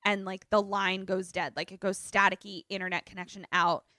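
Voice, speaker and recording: Animated, joking woman podcast co-host. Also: medium pitch, moderate pace, no echo, studio quality. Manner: animated, joking storyteller, swears freely. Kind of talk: casual chat, retelling a film. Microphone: remote call setup.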